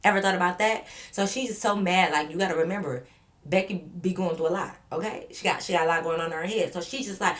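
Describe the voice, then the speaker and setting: Woman vlogger, lower voice, animated and profane storyteller. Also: quick pace. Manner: animated, profane, speaking straight to viewers. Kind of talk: storytime vlog.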